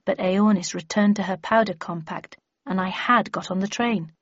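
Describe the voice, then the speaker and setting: A woman reading a novel aloud in the first person, telling the story in a steady, wry way. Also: medium pitch, moderate pace, breathy edge, dull audio. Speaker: audiobook narrator.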